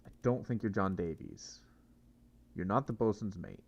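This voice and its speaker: Gravelly low-voiced man thinking aloud. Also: animated, moderate pace, darkish tone, dull audio. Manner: muttering and reasoning aloud to himself. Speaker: gamer playing a mystery game. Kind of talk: casual let's-play commentary.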